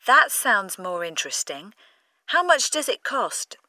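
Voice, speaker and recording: A woman's voice: mid-range voice, very animated, unhurried, pushed and bright, no room sound. A woman playing a curious customer in a scripted textbook dialogue. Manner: curious and inquisitive.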